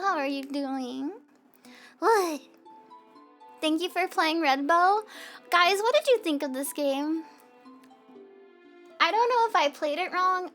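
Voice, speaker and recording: A woman's voice: high voice, a bit bright. A young American woman with a Southern accent, rambling and giggling as she chats with viewers at the end of a stream. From United States. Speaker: VTuber streamer. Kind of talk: casual stream chat. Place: hot room at home. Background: faint background music.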